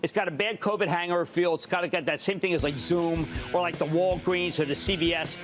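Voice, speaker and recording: A man with a Philadelphia accent hosting a call-in stock market show, excitable and emphatic, stretching words for emphasis. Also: fairly high pitch, a little fast, music in the background.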